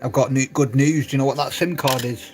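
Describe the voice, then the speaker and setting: A man's voice: medium pitch, steady tone, brisk. Chatty man streaming from his phone. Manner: chatty and laughing, talks straight to viewers in the chat. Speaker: live streamer. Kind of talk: casual live-stream chat.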